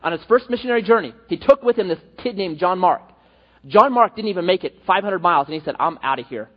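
A male pastor preaches with a high, lively voice that swoops up and down as he acts out his stories. His tone is slightly husky. The sound carries a long hall reverb on a dull, lo-fi recording. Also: fast. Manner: animated storytelling with acted-out quotes. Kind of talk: sermon.

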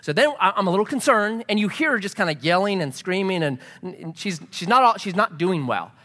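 A high-voiced middle-aged pastor preaches in a large hall at a fairly quick pace. Telling a story, he animatedly acts out the voices of those in it.

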